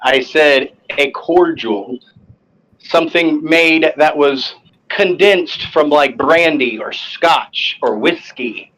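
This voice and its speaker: A man's voice: on the high side, takes it slowly, fairly bright tone, low-quality recording. A man playing a tabletop game, hesitant and searching for words. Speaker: player.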